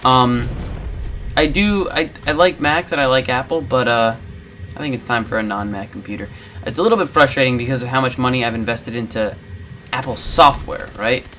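A man's voice: mid-range voice, normal speed, sharp tone, a little hiss or hum. A man hosting a gaming channel, rambling in casual commentary over gameplay with lots of filler words.

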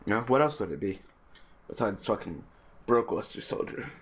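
A man's voice: on the low side, lively intonation, moderate pace, slightly rough. A man giving casual, mumbled commentary while playing an online card game, swearing and getting exasperated with his opponent. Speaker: gaming YouTuber.

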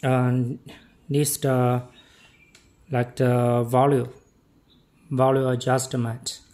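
A man giving a hands-on product demonstration, talking in halting, simple broken English with short phrases. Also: mid-range voice, level tone, darkish tone. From China.

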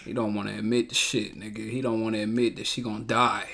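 A man's voice: lowish voice, level tone, fast talker, creaky, a bit bright. A man hosting a show reaction, talking bluntly in profane slang and repeating himself in heated outbursts. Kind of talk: casual reaction commentary.

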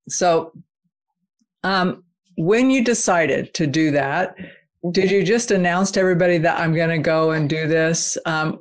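A woman hosting a podcast, asking curious and encouraging interview questions. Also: lowish voice. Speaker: podcast host.

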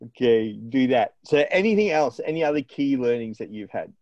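A man's voice: medium pitch, expressive, normal speed, darkish tone, no room sound, highs cut off. A man hosting an interview, giving brief affirmations and asking practical follow-up questions. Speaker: host.

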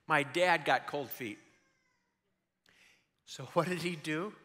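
A man in his sixties preaching a sermon, telling stories in an animated way that swings from loud to hushed. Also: a little high, takes it slowly, long reverb tail. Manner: animated storytelling, shifting between loud and hushed.

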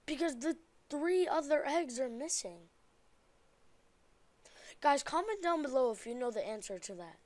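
A woman's voice: high voice, a little slow, pauses often, no room sound. A young woman hosting a gaming channel, chatting casually while she plays and shrieking at what happens on screen. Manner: excitable, gasping and shrieking at the game. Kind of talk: casual game commentary.

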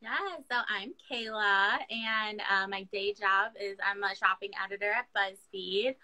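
Young michigan woman, super bright voice, bubbly chatty guest on a call. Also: medium pitch, level tone, unhurried, rough recording. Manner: upbeat, chatty with likes and laughs. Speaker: guest blogger. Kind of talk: casual interview.

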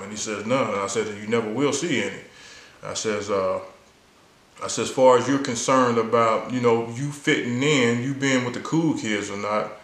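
A man's voice: fairly low pitch, fairly bright tone, reverberant, rough recording. A man earnestly telling a personal story in a casual, conversational way, acting out the people he quotes. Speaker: vlogger sharing a personal story.

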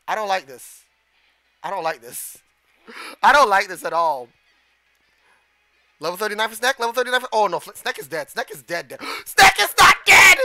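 A man streaming a game live, giving excitable commentary, gasping, shouting and swearing at the screen. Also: sits high, no echo.

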